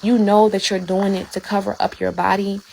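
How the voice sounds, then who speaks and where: A woman's voice: mid-range voice, little pitch movement, normal speed, creaky, darkish tone, slight background noise. A woman fervently sharing a religious testimony, preaching and repeating phrases for emphasis. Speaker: guest.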